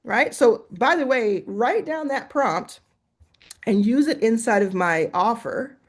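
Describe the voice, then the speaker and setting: A woman's voice: fairly high pitch, expressive, takes it slowly. Chatty woman walking through a tutorial. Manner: chatty, laughs and talks to herself while typing. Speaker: host. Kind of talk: casual screen-share tutorial.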